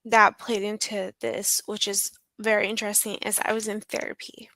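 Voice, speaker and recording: A woman telling her personal story in an interview, hesitant, with many ums and pauses. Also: mid-range voice, little pitch movement, pushed and bright, no echo. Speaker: guest sharing her survival story.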